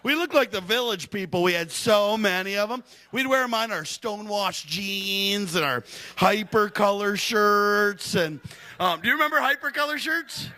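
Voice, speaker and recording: A young man from Michigan doing a stand-up comedy set in a club, hyper, loud and crude, laughing at his own jokes. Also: sits high, expressive, normal speed.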